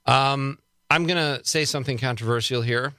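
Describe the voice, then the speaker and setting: A radio talk show host from Wisconsin chats and jokes in a bright, forceful, mid-range voice at normal speed. He laughs often while riffing on small complaints. His voice is recorded close and dry, with no room sound.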